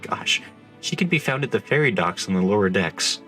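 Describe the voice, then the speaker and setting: Guy reading as a stiff proper navy commander from a game, formal and measured, deep voice. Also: very animated, sharp tone, soft background music. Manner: formal, measured, stumbles over names.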